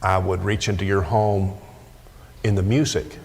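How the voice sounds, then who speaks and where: A man's voice: low voice, fairly even intonation, measured pace. Man, middle-aged, preaching, emphatic, repeats words, long church reverb. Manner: emphatic, repeats words when pressing a point. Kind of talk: sermon. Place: church sanctuary. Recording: echoey church hall.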